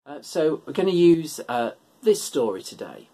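A man leading children's worship, reading a picture book aloud in a relaxed, gentle, self-deprecating way. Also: fairly high pitch, moderate pace, faint music behind.

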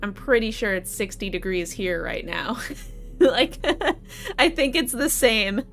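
A woman's voice: mid-range voice, takes it slowly, vocal fry, soft background music. A young adult woman from New England chatting casually as she plays a game live and talks to her chat, laughing often. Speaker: streamer. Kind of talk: live gameplay commentary.

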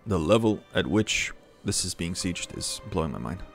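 A man giving casual commentary while playing a strategy game, talking to himself with excitable outbursts. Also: low-pitched, moderate pace, gravelly, soft background music. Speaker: strategy game let's-player.

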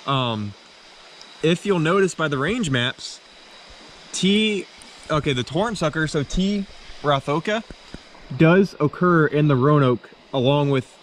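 A man narrating his night fishing at a stream, excitable and rambling, full of fillers. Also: fairly high pitch, slow, pauses often, a little hiss or hum. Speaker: fishing vlogger. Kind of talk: casual outdoor narration.

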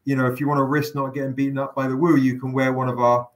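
A man's voice: medium pitch, little pitch movement, fast. A man hosting a live stream, chatting casually with fillers, jokes and the odd swear word. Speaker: livestream host running a crowdfunding campaign.

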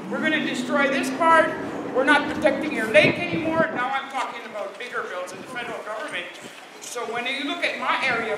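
A woman from Alberta, a First Nation leader, giving an emphatic, indignant speech at an outdoor rally in cold weather. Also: high-pitched. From Alberta, Canada. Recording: echoey, distant, noisy outdoor crowd ambience.

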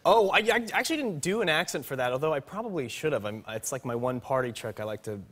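A man who is an actor, a guest on a late-night talk show, telling an anecdote in a lively, self-mocking way. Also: medium pitch, quick pace.

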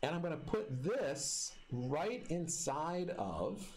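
A man's voice: fairly high pitch, big pitch swings, takes it slowly, a little mellow, soft background music. A male teacher walking students step by step through a screen-recorded classroom tutorial in a friendly way.

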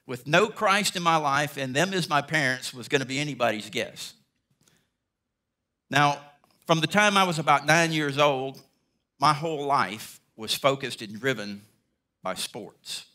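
A middle-aged man speaks as a guest preacher, telling a personal story from the pulpit. His voice is bright and ringing. He acts out each person's lines as he goes. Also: on the high side, unhurried, pauses often. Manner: animated storyteller, acts out dialogue. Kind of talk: sermon storytelling.

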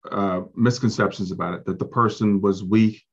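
A male podcast host with a low, slightly husky voice speaks gently and reflectively. The sound is dull and lo-fi, like a modest remote interview recording. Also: steady tone, moderate pace. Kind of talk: interview conversation. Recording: muffled lo-fi audio.

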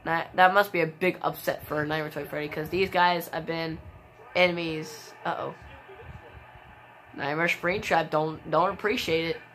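A woman giving casual play-by-play commentary on a wrestling video game, with excitable exclamations and sudden shrieks. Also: deep voice, moderate pace, slight background noise. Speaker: gameplay commentator.

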